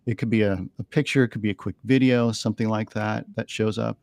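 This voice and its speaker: A man's voice: fairly low pitch, steady tone, fast talker, gravelly, darkish tone, no room sound, clean studio sound. A man talking earnestly on a podcast, telling stories and often repeating words as he gathers his thoughts. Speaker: animal communicator guest. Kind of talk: storytelling interview talk. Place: podcast studio.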